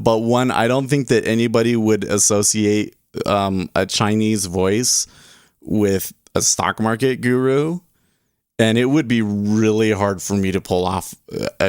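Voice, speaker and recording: A man's voice: lowish voice, steady tone, a little slow, smooth, dry recording, studio quality. A man hosting a day trading livestream, rambling casually and chuckling as he reads chat aloud.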